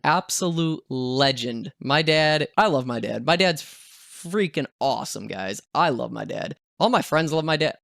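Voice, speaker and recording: Young guy, smooth dry voice, animated self-mocking storyteller. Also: mid-range voice, no echo. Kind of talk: casual storytime.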